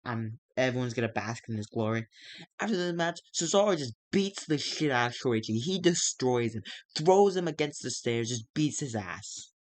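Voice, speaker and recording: A young man casually recapping a wrestling management game, narrating the matches and now and then putting on quick voices for the wrestlers. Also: expressive, dry recording. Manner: recaps matches and briefly acts out wrestlers' lines in quick, squeaky outbursts. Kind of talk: casual let's-play narration.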